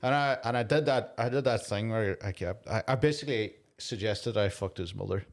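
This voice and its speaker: A man from Donegal with a Donegal Irish accent, a comedian co-hosting a podcast and telling gig stories in a sweary, animated way. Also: fairly low pitch. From Lifford, County Donegal, Ireland. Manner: sweary, animated storytelling, quick laughs. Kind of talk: casual comedy chat.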